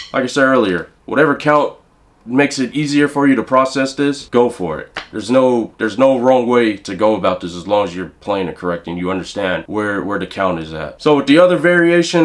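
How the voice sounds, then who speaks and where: A man teaching drum rudiments in a relaxed, casual way, counting the beats aloud as he plays. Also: medium pitch, a little hiss or hum. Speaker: drum instructor. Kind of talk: casual instructional talk.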